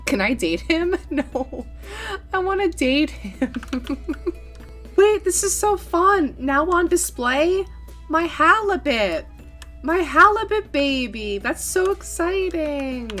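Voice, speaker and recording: Gushing high-voiced young woman gamer. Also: takes it slowly, soft background music. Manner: gushing, excitable, gasps often. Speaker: gaming YouTuber. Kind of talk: gameplay commentary and narration.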